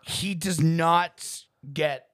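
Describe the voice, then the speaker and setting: A man's voice: a little high, drawn-out words, dry recording, clean studio sound. A man in his late thirties chatting casually and joking, telling stories with plenty of swearing. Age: 30s. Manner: profane, joking, animated storyteller. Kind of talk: casual chat.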